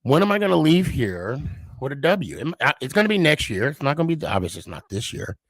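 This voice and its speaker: Animated man telling a rambling story. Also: on the high side, quick pace, no echo. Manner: rambling, profane, self-mocking sports fan. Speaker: podcast host. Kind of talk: casual storytelling.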